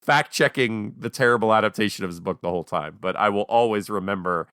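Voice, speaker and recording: Low-voiced man telling a story animatedly. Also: quick pace, smooth, dry recording. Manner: animated storyteller, dry sarcastic asides. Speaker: podcast co-host. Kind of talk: casual chat.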